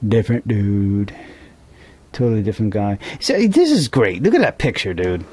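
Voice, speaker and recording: A man's voice: fairly low pitch, huge pitch swings, brisk, a little mellow, husky. A man co-hosting a podcast in casual chat, profane and rambling, a little tipsy. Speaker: podcast co-host.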